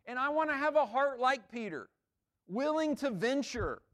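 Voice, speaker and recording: A man's voice: very high-pitched, animated, normal speed, fairly bright tone. A man, a pastor, giving a conversational sermon in an informal way, repeating words and checking in with the listeners.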